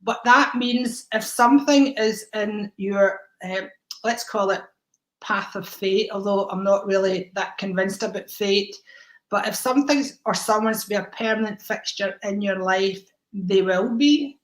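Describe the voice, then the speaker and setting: On a live stream, a woman gives psychic readings to viewers, affectionate and rambling, calling people darling, with many ums and restarts. Her mid-range voice keeps a measured pace. The low-quality recording is reverberant.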